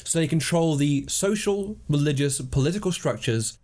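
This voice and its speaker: Man, animated podcast co-host. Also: on the high side, normal speed. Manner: animated, laughs easily, explains at length. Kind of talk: casual chat, improvised storytelling.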